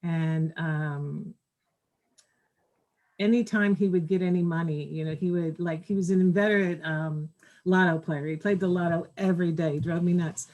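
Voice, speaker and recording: A woman hosting an online memorial, sharing memories in a halting way with many pauses. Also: fairly low pitch, fairly even intonation, darkish tone, dull audio. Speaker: memorial host. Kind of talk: casual remembrance. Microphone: video call.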